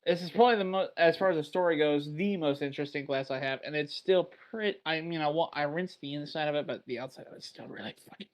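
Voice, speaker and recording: A man's voice: a little high, fast talker, hardly any pauses. A man from Texas hosting a casual beer podcast, chatty and rambling, swearing offhand. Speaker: podcast host. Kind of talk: casual chat.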